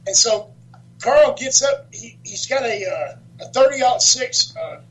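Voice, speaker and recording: A man being interviewed as a guest, telling wrestling road stories in a lively way, laughing often and swearing freely. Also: very high voice, a little slow, rough recording. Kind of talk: casual storytelling interview.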